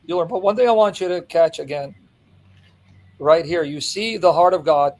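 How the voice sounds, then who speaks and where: A man's voice: on the high side, moderate pace, darkish tone, rough recording. A man teaching from the Bible with impassioned emphasis, reading scripture aloud and explaining it point by point. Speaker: Christian apologist.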